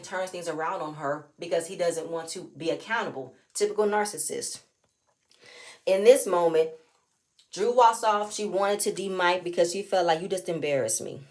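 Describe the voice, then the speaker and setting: Recapping a reality show episode, this woman speaks in a lowish female voice, keeping things casual and sassy. She brings the commentary to life by reenacting what people said in changing voices.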